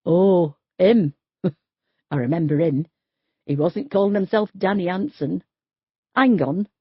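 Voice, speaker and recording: A woman's voice: lowish voice, slow, slightly rough, no echo, dull audio. A woman voicing a blunt, gossipy middle-aged street worker, in an audiobook. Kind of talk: audiobook character voice.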